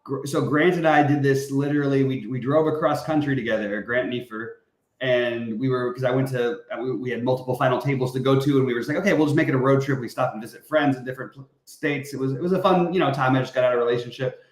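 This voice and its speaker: A man's voice: medium pitch, fairly even intonation, fast talker. Man talking in an echoey room. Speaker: podcast co-host. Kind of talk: casual chat.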